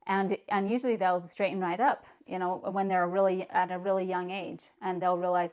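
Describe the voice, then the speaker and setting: A woman's voice: lowish voice, steady tone, moderate pace, hardly any pauses, darkish tone, smooth. A middle-aged woman giving parenting advice in a casual, earnest talk, repeating words and leaning on "you know". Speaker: parenting vlogger.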